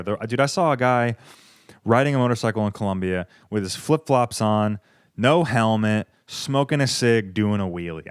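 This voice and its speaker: A young American man talks straight into a close, dry microphone, his voice smooth and clean. He rambles through a casual solo podcast, swearing freely and drifting into sarcastic tangents. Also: fairly low pitch, no echo. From United States. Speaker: podcast host.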